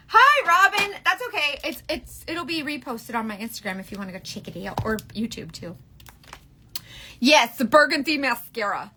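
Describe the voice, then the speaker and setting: Bright, chatty woman in her forties. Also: on the high side, animated, moderate pace, a little hiss or hum. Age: 40s. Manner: chatty, rambling, candid. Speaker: beauty livestream host. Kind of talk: casual live makeup chat.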